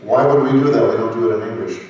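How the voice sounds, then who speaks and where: Lowish-voiced man on a convention panel, animated storyteller, far off in a reverberant hall. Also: racing, dull audio. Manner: animated storytelling, breaking into accent demos. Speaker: voice actor guest on a panel.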